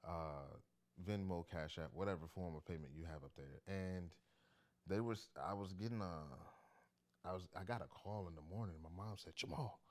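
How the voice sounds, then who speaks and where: Comedian guy, super low voice, laid back slangy storytelling. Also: moderate pace, a little mellow. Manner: loose, chatty, slangy. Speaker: stand-up comedian. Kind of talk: casual storytelling to camera.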